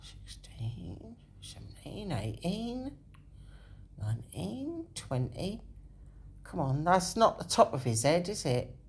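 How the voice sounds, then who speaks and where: A woman's voice: lowish voice, big pitch swings, takes it slowly, a little mellow, slight background noise. A woman hosting a video, thinking aloud as she walks through a map. She corrects herself often and sometimes drops into a whisper. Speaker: video host. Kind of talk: rambling walkthrough on a map.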